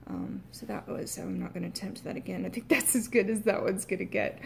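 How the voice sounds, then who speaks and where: An American woman with a Southern accent, an actor casually explaining accent sounds, hesitant with many filler sounds and some throat clearing. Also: medium pitch, moderate pace. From United States.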